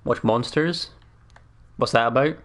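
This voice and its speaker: A man's voice: medium pitch, a little slow, fairly bright tone. A man co-hosting a gameplay video in casual chat, easygoing and teasing, with frequent laughter. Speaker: gaming channel co-host.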